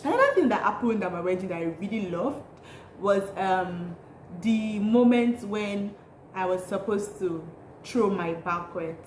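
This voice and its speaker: A woman's voice: medium pitch, measured pace. Bubbly Nigerian woman in a roomy space. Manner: bubbly, laughing, animated storytelling. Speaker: vlogger. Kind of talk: casual chatty vlog. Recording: roomy echo, faint noise.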